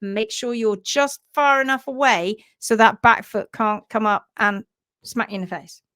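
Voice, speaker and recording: Woman host, hoof trimming instructor, lively storyteller, somewhat high voice, live-stream chat. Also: normal speed, smooth. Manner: animated, acts out sounds and voices.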